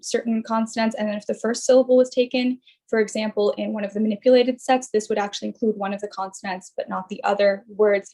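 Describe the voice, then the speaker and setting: Presenting her student research, a woman in her twenties explains carefully, though she uses plenty of fillers and frequently restarts. She has a creaky, medium-pitched voice with a darkish tone.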